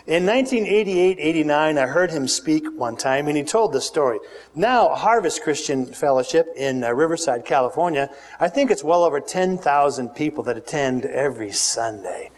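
A man preaching a sermon, animated and joking, leading the congregation in call-and-response. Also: fairly high pitch, normal speed. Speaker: pastor. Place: large church hall with congregation. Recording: long reverb of a big hall.

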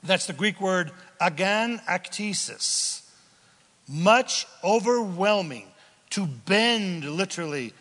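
A man preaching a sermon as a pastor, impassioned, swinging from shouts down to a hush. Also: high voice, expressive, slow, in a large hall.

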